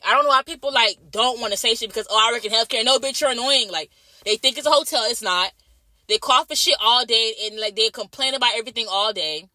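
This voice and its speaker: A woman's voice: a little high, sharp tone, dry recording. A young woman who works as a night-shift nurse, ranting in a vlog. She is blunt, swears heavily and keeps repeating herself. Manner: blunt, repetitive, heavy swearing.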